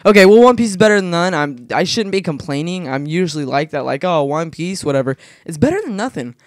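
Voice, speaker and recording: A young man giving rambling, casual commentary while playing a game, excitable and quick to yelp when startled. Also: high voice, no echo, clean studio sound. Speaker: gaming video creator.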